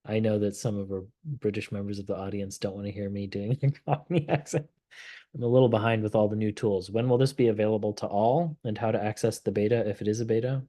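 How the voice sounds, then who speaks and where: A man hosting a casual software demo livestream, relaxed and thinking aloud as he clicks through the tool. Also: lowish voice, fast, few pauses. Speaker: host of a product livestream.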